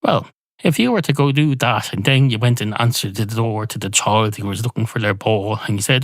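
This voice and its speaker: A man hosting a podcast, spinning a rambling, sweary comic monologue and switching into quick voices for the characters. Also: lowish voice, dry recording. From Ireland. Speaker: podcast host.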